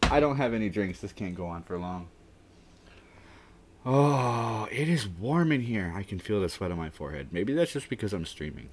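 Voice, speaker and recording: A man hosting a casual live stream, rambling and mumbling his thoughts out loud in a warm indoor room. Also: on the low side, big pitch swings, normal speed, a little hiss or hum. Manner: rambling, mumbling, talking to himself.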